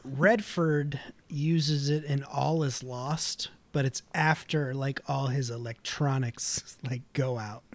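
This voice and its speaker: A man at an ordinary middle pitch, easygoing and chatty, adding his own comments as friends talk through a movie. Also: steady tone, takes it slowly. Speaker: podcast co-host. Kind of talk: casual movie recap chat.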